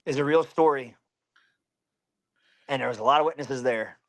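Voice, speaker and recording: A man, a bare-knuckle fighter from Pennsylvania, telling a story in an interview in an animated way and swearing constantly. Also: mid-range voice, normal speed.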